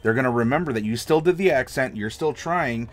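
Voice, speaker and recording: On a livestream, an American man who works as a game master and streamer shares advice on tabletop storytelling. He speaks fairly quickly in a mid-range voice, enthusiastic and demonstrative throughout.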